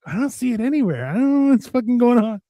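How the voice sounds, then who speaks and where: A man's voice: very high voice, very animated, fast, mellow, no room sound, pitched above the performer's own voice, full character voice. A man voicing a careless, mocking alien traveler in a raised, jokey voice full of swearing. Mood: baffled.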